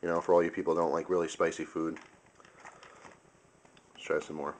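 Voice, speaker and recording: A man's voice: low-pitched, little pitch movement, brisk, slight background noise. A young man casually reviewing food on camera, chatty and enthusiastic, sometimes talking with his mouth full. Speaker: video host.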